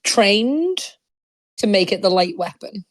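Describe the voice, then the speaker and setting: A woman's voice: medium pitch, sing-song, slow. A woman playing in a tabletop game, asking rules questions, agreeing a lot and laughing. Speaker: player. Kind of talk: casual tabletop game chat. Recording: noisy mic line.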